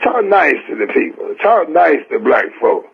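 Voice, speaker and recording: A man's voice: on the high side, big pitch swings, normal speed, gravelly, slightly rough. An older man from San Francisco preaching a sermon in a folksy, emphatic way, repeating his points plainly. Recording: tinny phone-like radio broadcast.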